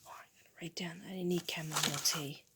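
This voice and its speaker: A middle-aged woman losing her voice, half-whispering through a slow spiritual talk and repeating affirmations softly. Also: low voice, steady tone, heavy background noise. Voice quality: breathy, husky. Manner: soft, unhurried, repeats affirmations. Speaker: spiritual teacher and channel host.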